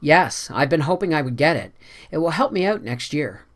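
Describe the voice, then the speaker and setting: A reader voicing an earnest young man in an audiobook, speaking quietly and steadily. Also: mid-range voice, lively intonation, normal speed, natural voice. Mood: friendly. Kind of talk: audiobook character voice.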